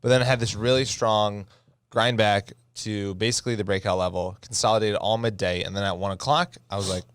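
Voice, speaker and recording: A young man co-hosting a trading recap show, cracking deadpan jokes and then walking through his trades step by step. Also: lowish voice, fairly quick, clean tone, no room sound, studio quality. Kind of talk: casual chat walking through stock trades.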